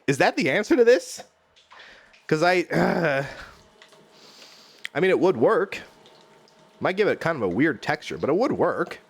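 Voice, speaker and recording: A man streaming live from his home kitchen, rambling and joking at his own expense while he cooks and talks to chat. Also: fairly high pitch.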